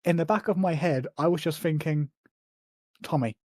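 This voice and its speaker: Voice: mid-range voice, steady tone, fairly quick, a little mellow, no echo. A podcast co-host recapping episodes casually, often hesitating with ums and dry asides. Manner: hesitant, lots of ums, wry.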